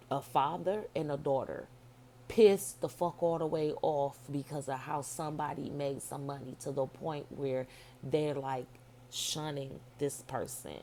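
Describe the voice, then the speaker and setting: Low, gravelly woman telling a story. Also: a little hiss or hum. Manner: blunt, profane, animated. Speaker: vlogger telling her dream. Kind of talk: casual storytelling.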